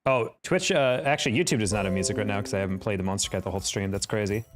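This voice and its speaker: A man's voice: on the low side, very fast, music in the background. A young man live-streaming a game, chatting casually, reacting to plays and answering his chat. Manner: chatty, reacts to gameplay and reads chat aloud.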